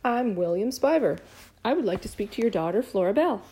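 A fussy, earnest boy who speaks in long, formal sentences, put on by a woman reading a storybook. His voice sits a little higher than the narrator's own and stays mellow and soft-edged. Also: lively intonation, a little fast, husky. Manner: elaborate, overly formal phrasing.

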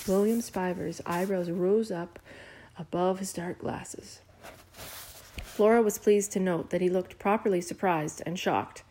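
A woman's voice: fairly low pitch, a little slow, a little hiss or hum. A woman narrating a children's storybook aloud, changing her voice for each character. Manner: lively, varies voices for characters. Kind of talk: audiobook reading.

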